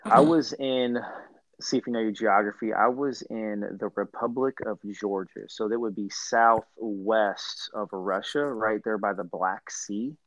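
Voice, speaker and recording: A young man from Central Illinois with a slight country twang, a podcast guest telling his stories in a lively, laughing way. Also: fairly low pitch, unhurried, dry recording. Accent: rural Midwestern US, slight country twang. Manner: animated storyteller, laughs often. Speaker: podcast guest, former basketball player. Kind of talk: casual chat. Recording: dull, muffled audio.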